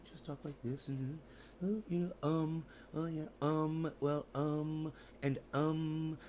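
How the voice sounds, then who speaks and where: A man doing a mocking impression of a halting billionaire, stalling on endless ums and uhs. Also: fairly high pitch, level tone, a little mellow, slight background noise. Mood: hesitant. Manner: stammering, drawn-out filler sounds.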